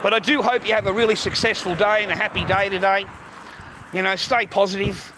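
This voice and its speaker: Fairly quick and fairly even in intonation, this high-voiced Australian man rambles through a casual livestream outdoors. Heavy swearing and constant "mate"s run through his talk, set against street noise and traffic.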